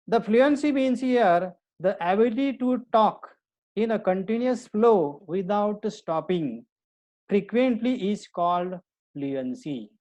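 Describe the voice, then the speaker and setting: A woman teacher speaks at an unhurried, measured pace in a recorded lecture. She explains point by point, circling back to repeat key ideas and restarting phrases as she goes, in a voice of middling pitch. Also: darkish tone, rough recording. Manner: slow, deliberate explaining with frequent restarts and repetition. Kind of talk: recorded online lecture to students.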